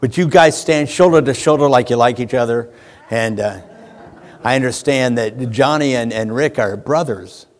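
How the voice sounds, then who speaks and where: A man preaching a lively sermon in a church, animated, shouting at times as he acts things out. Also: mid-range voice, normal speed. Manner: animated, shouts when acting out a fan. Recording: church hall with long reverb.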